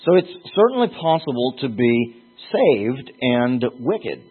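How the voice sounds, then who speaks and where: A man teaching from the Bible in a conversational sermon, rising in pitch and force when he drives a point home. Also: slightly rough. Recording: phone-like lo-fi audio.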